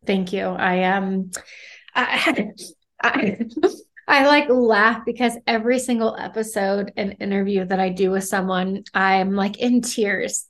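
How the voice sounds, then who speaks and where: A woman hosting a podcast interview. She speaks in a heartfelt, casual way, slowing down at times. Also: on the high side. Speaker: podcast host.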